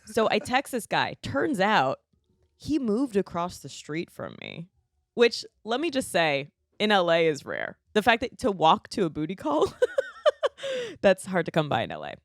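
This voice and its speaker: A woman's voice: medium pitch, wildly swooping pitch, measured pace, no echo, clean studio sound. A woman on a podcast as a guest comedian, telling a frank, bawdy story in casual chat.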